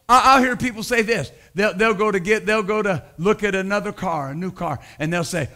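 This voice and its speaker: A middle-aged male pastor preaching with a high, bright, forceful voice. He pushes hard on key points, then drops into quiet, casual asides and stories. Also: lively intonation, a little fast. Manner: emphatic preaching, swings from loud to quiet storytelling. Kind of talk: sermon.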